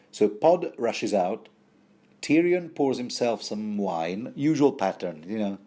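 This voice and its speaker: A man's voice: mid-range voice, expressive, a little slow, warm tone. A man giving a rambling, casual book commentary, full of fillers and wry asides.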